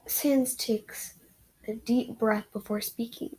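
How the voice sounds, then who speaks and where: A woman's voice: medium pitch, a little slow, a little mellow, slightly rough, rough recording. A woman reading a romance fan story aloud in a casual way, sometimes stumbling over words. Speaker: reader of fan fiction.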